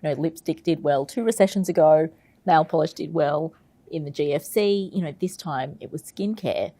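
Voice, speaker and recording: A woman with a low, warm voice speaks as an investment expert in an interview. She explains at length, often leaning on "you know" and restarting phrases. Her tone is mellow rather than bright. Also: moderate pace, no room sound. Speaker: investment research head and portfolio manager.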